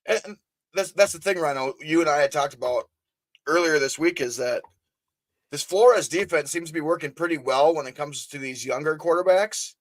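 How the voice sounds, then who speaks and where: A man with a somewhat high voice co-hosts a casual sports talk show. He speaks bluntly and throws in plenty of swearing. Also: moderate pace. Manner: blunt and profane. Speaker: co-host.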